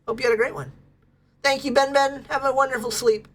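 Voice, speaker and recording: A woman's voice: high voice, moderate pace, fairly bright tone. A woman streaming a game, chatting casually and bubbly with her viewers and laughing often. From United States. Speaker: livestreamer. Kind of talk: casual chat with viewers while gaming.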